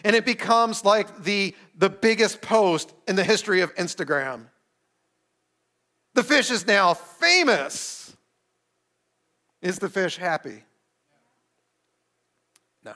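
High-voiced preacher, chatty and playful. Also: male voice, lively intonation, slow, long pauses, sharp tone. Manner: conversational, playful, asks the audience questions. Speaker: pastor. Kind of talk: sermon. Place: streamed service addressing an online chat.

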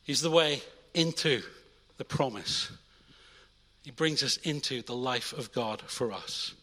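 A young adult man preaching a sermon in a church, energetic, swinging between loud urging and quiet intimate asides. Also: medium pitch, a little slow, long reverb tail. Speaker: pastor.

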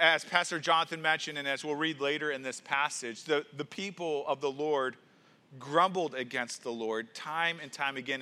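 A man's voice: a little high, pushed and bright. A man preaching a sermon in an earnest style, stressing points and often repeating words as he builds emphasis. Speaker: pastor.

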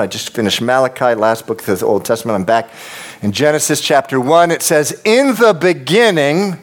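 A pastor preaching a sermon, emphatic and repetitive, talking straight to his congregation and dropping to a hush at times. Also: a little high. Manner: addresses the congregation directly.

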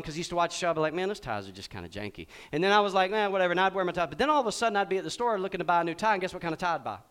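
A middle-aged man preaching a sermon, quizzing his congregation and acting out little scenes with big swings in pitch and volume. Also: clean tone. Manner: animated, asks the congregation questions. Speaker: pastor.

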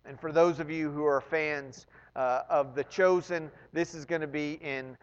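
A man preaching a sermon with animated swings between loud emphasis and hushed asides, often repeating words when excited. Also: a little high, moderate pace, smooth, long reverb tail, lo-fi sound. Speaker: pastor.

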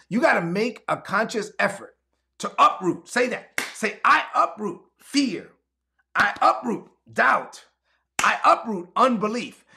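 A man preaching with a high-pitched voice that has a gravelly edge. He builds his points through emphatic repetition and leads call-and-response declarations for his online audience. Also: a bit bright. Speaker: pastor. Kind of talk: sermon.

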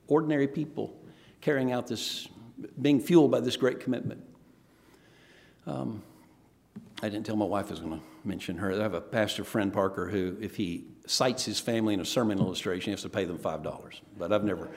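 A middle-aged man preaching a sermon, telling stories and acting out quoted voices along the way. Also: on the low side. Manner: storytelling, animated, acts out quoted voices. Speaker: former pastor, missionary speaker. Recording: reverberant hall.

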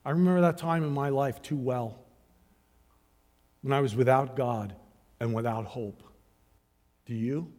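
A man preaching a sermon as pastor, swinging between hushed, searching questions and loud, rising calls to the congregation. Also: medium pitch, a little slow, pauses often. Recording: long hall reverb.

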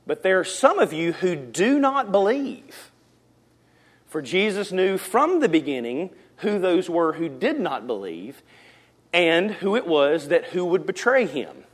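A man preaching a sermon in a church, impassioned, swinging from loud emphasis down to hushed lines. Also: high-pitched. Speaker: pastor. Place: church sanctuary.

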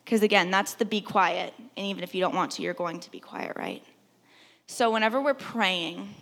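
A woman with a medium-pitched voice preaches a sermon at a moderate pace in a church hall, its long reverb audible. Her tone is conversational; she asks rhetorical questions and sometimes drops to a soft hush.

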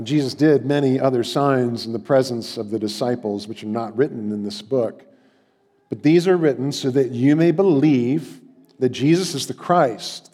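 A man preaching a sermon in a church, conversational and halting, with restarts and mock voices. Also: medium pitch, dark tone. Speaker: pastor. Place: church sanctuary. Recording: long hall reverb.

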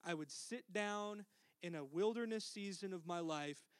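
A middle-aged man preaching a sermon as pastor, earnest, dropping to a soft hush for tender lines. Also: sits high, a little slow, smooth, no room sound.

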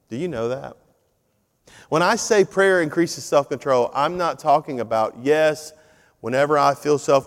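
A middle-aged man, preaching a sermon and telling stories in a lively, conversational way. His voice sits at an ordinary pitch for a man. The sound carries a long reverb, as if recorded in a large church sanctuary. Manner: conversational, animated storytelling. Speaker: pastor.

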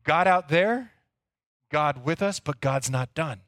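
A man's voice: a little high, lively intonation, takes it slowly, a bit bright, no echo, clean studio sound. A man preaching a sermon, telling the story earnestly and sometimes repeating words as he goes. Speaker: pastor.

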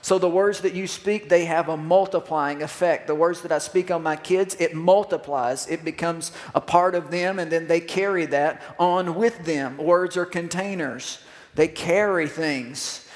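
A man's voice: fairly high pitch, measured pace. A man, preaching a sermon as pastor and asking the congregation to respond. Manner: animated, call-and-response with congregation. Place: church sanctuary. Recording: long hall reverb.

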